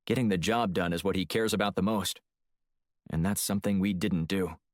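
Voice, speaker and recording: A man's voice: low-pitched, fairly even intonation, fairly quick, no echo, natural voice. A male audiobook narrator voicing a tough covert operative who talks in a dry, curt way.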